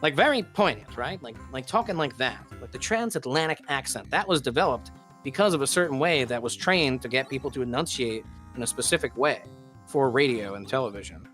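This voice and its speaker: A man's voice: mid-range voice, expressive, fairly quick, fairly bright tone. A man streaming a game and chatting loosely, his ordinary mid-range voice tripping over fillers and restarts as he talks. Faint game music plays in the background. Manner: rambling, lots of fillers and restarts. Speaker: streamer and host. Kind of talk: casual chat while gaming.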